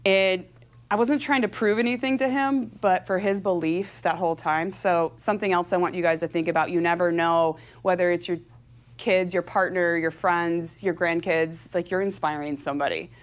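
A woman from California giving a motivational talk to an audience, energetic and chatty, laughing often and speaking with open feeling. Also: on the low side, moderate pace. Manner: emotional and openly heartfelt. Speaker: professional cyclist giving a talk.

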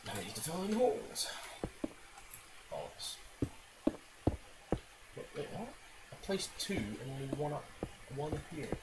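A man's voice: a little high, very animated, measured pace, long pauses. A man rambling and swearing through self-mocking gameplay commentary on a laptop's built-in mic. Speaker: gaming video creator. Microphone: laptop internal mic. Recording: loud hiss, laptop internal mic.

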